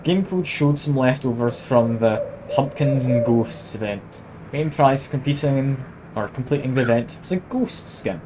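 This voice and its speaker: A man's voice: mid-range voice, darkish tone, slight background noise, low-quality recording. Wry man streaming a game. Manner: wry, self-mocking asides. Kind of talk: casual let's-play narration, reading game text aloud.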